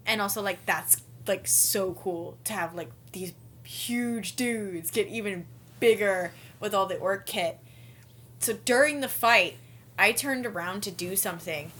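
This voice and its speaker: A Southern American woman with a bright voice chatting excitedly, laughing often as she retells moments. Faint noise hums under the recording. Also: mid-range voice, normal speed. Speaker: larp player, co-interviewee. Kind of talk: casual chat.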